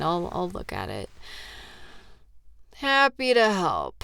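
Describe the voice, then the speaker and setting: A woman's voice: mid-range voice, huge pitch swings, extremely slow, gravelly, long pauses, a bit bright, clear, resonant tone, no echo. A woman in a comfort role-play who is tired and yawning, talking sleepily and reassuringly to a partner. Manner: sleepy, reassuring, playful teasing. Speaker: audio role-play performer.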